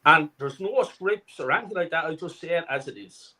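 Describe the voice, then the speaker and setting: A middle-aged man tears into a furious, profane rant as a fan-channel co-host. His voice sits high and leaps all over the place as he shouts. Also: animated, fairly quick, rough recording. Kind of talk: angry ranting fan commentary.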